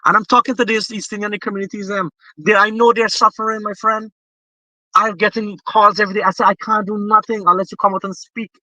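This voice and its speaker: A man's voice: high voice, little pitch movement, brisk, pushed and bright, dry recording, rough recording. A Guyanese man talking politics with passion, often restarting his sentences. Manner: impassioned, repetitive restarts. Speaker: political guest. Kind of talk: political discussion.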